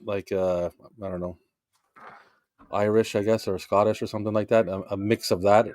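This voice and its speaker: A man's voice: on the low side, fairly even intonation, moderate pace, darkish tone, no echo, clean studio sound. A man from Quebec with a Quebec English accent, chatting loosely and rambling through a live movie watch-along. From Quebec, Canada. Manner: rambling, lots of fillers and restarts. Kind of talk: casual live commentary chat.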